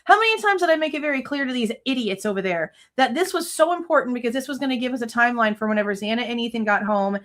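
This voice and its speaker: A woman's voice: fairly high pitch, lively intonation, quick pace, hardly any pauses, fairly bright tone. A woman in her thirties hosting a true crime livestream, venting angrily with frequent swearing in casual commentary.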